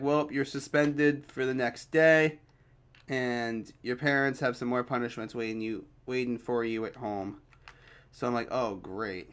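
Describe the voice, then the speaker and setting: A young man with a smooth, clear voice recounts a story in a laid-back, rambling way. He uses lots of fillers and slips into quoted back-and-forth dialogue at a middle pitch. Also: fairly bright tone. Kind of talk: casual storytime.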